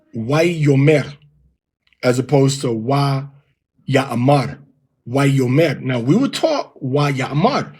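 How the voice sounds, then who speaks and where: A middle-aged man teaching Hebrew pronunciation, explaining patiently and repeating words slowly to demonstrate sounds. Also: mid-range voice, a little mellow, slightly rough. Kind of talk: Bible Hebrew pronunciation lesson.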